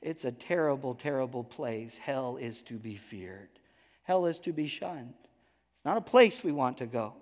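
A male pastor preaching a sermon, emphatic, swinging between hushed lows and raised declarations. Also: expressive, a little slow, big-room sound.

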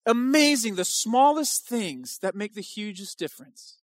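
A man's voice: sits high, lively intonation, a little slow, few pauses, no room sound. A male pastor preaching an impassioned sermon at a church service, driving home repeated rhetorical questions.

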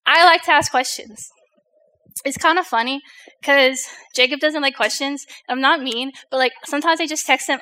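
A young woman gives a laid-back sermon to a youth group, talking in a loose, joking way with lots of filler words. Her voice sits high and sounds crisp and bright. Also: fairly quick. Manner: chatty, filler-heavy, jokes with the audience.

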